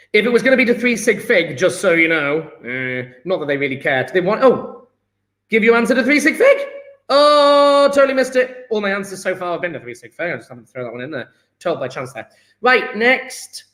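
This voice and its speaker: Male tutor, higher register; cheerful think-aloud delivery reviewing exam problems. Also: a bit bright. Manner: upbeat, thinks aloud while calculating. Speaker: chemistry teacher. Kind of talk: talking through exam questions.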